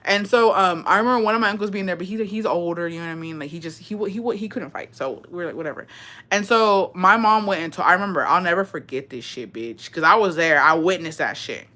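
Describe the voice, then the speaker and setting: Livestreaming to her viewers, a young woman with a lowish voice talks fast as she tells an animated story full of profanity, dropping in Spanish phrases along the way.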